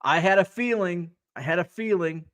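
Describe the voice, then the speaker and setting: A man chats casually through a hobby livestream, his voice sitting a little high. He rambles, drops fillers and reads viewers' comments aloud as they come in. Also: normal speed, a bit bright. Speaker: livestream host reading chat.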